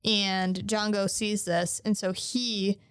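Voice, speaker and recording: A woman's voice: medium pitch, slow pace, clear, resonant tone. A woman co-hosting a podcast in casual chat, swearing freely as she retells a story. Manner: profane, animated retelling with quoted voices. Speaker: podcast co-host.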